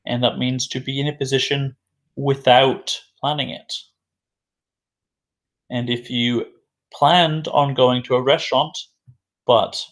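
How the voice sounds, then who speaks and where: A male English teacher talks through a vocabulary lesson at an unhurried pace. His voice sits at an ordinary middle pitch. He repeats each new phrase and answers his own questions in a patient, measured way. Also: a bit bright. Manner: slow and deliberate, repeating key words; asks questions then answers them himself.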